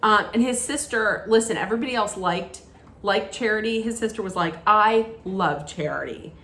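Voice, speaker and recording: A woman's voice: mid-range voice, fairly quick, a bit bright, echoey room. A woman recapping a reality TV episode in a casual, gushing way, with lots of ums and restarts. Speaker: TV recap vlogger.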